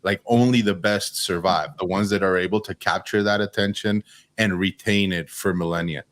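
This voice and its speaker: Deep-voiced musing man. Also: steady tone, moderate pace, a bit bright. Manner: musing, reflective, many fillers. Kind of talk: casual panel chat.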